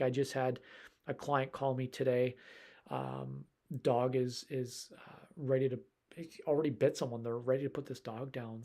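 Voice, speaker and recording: A man's voice: mid-range voice, a little mellow. A man who works as a dog trainer and behavior specialist, answering viewers' questions in a casual live stream and rambling in a conversational way.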